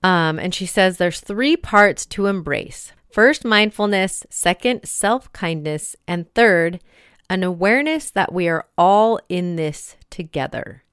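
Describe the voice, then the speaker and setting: Lower-voiced, smooth-sounding woman podcaster. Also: slow, fairly bright tone, no room sound, studio quality. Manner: chatty, conversational, many fillers. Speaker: podcast host. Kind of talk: casual book discussion.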